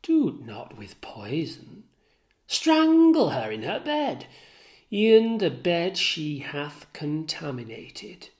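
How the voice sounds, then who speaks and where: Brief: manipulative schemer read aloud by a tutor, insinuating and goading, unhurried. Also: medium pitch, wildly swooping pitch, pitched above the performer's own voice, full character voice. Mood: coldly urging. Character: scheming manipulative ensign, a grown man. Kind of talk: dramatic reading of a play.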